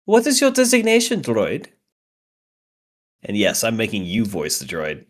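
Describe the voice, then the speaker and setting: A woman's voice: extremely low pitch, huge pitch swings, a little slow. A woman running a tabletop game as game master, teasing the players and laughing often.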